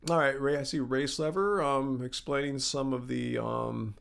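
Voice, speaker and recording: A man hosting a casual live stream Q&A, reading viewer comments aloud in a relaxed way and sneezing now and then. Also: medium pitch, normal speed, creaky, clear, resonant tone.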